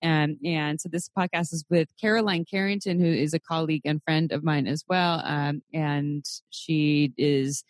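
A young adult woman hosting a podcast in casual chat, animated and cursing, her pitch jumping sharply. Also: no echo, studio quality. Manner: animated, swearing, quick pitch jumps. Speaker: podcast host.

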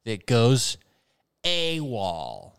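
A man hosting a comedy podcast, joking and laughing easily. His voice moves up and down a lot as he riffs. Mid pitch, casual and loose. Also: very slow, creaky, clean tone. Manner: animated, laughs often. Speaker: podcast host.

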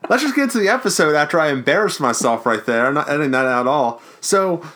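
A man from the Baltimore area co-hosting a podcast in casual, jokey, excitable chat. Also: fairly high pitch, fast. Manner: jokey, excitable, self-mocking. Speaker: podcast co-host.

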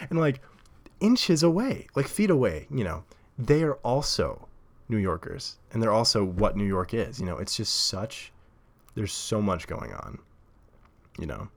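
A man's voice: fairly low pitch, very animated, moderate pace. A man hosting his own podcast, rambling casually with lots of fillers and frequent laughs into a desk mic. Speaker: podcast host. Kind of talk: casual solo podcast monologue. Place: home recording setup at a table.

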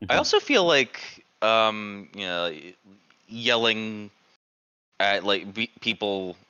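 Bright-toned man on a dull mic. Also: fairly low pitch, very animated, smooth. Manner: rambling, halting, many restarts. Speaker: podcast co-host. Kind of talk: casual panel chat.

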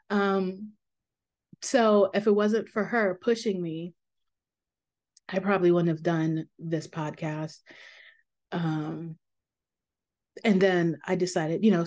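A woman hosting her own podcast, talking candidly and reflectively in a casual way, with fillers and soft laughs. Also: on the low side. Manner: calming voice for guided meditations. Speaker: podcast host. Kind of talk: casual personal podcast talk.

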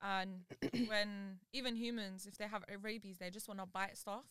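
A woman's voice: mid-range voice, fairly even intonation, normal speed, a bit bright, clean tone, dry recording. A young woman, chatting casually with friends and reacting expressively in slang. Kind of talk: casual chat.

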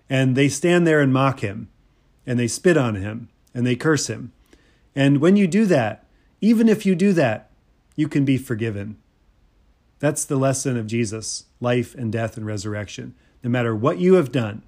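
A man's voice: medium pitch, darkish tone. A male pastor giving a sermon in a casual, conversational way, with fillers and repeated phrases. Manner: conversational preaching with fillers and repetition.

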